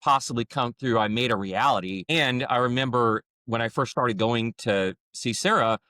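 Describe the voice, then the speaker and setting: A man's voice: medium pitch, normal speed, no echo. Chatty man telling a story. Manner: chatty, acts out quoted dialogue with lively voices. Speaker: podcast host. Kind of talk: casual storytelling in a podcast conversation.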